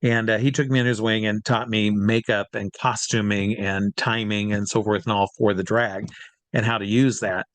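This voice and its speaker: A man's voice: lowish voice, flat delivery, moderate pace, no room sound. A man in casual interview talk, rambling with lots of fillers and restarts, and acting out the voices of people he quotes. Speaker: guest performer.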